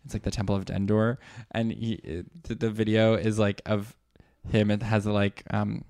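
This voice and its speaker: A man co-hosting a podcast in casual chat, animated, breaking into high laughing quotes. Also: moderate pace, no echo, clean studio sound. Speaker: podcast co-host.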